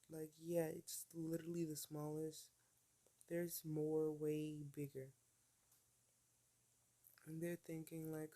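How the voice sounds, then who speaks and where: A man telling a story off the cuff, with a mellow, dark tone. He wanders, says "like" a lot and corrects himself as he goes. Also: fairly high pitch, level tone, a little slow, pauses often. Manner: rambling, full of "like" and self-corrections. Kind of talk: casual fan-fiction retelling.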